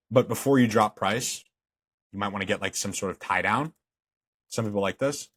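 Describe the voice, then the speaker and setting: Young man, low voice, husky, blunt, swears a lot, course lecture, dry close sound. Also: moderate pace, fairly bright tone, dry recording. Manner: blunt, profane, emphatic. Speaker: fitness business coach.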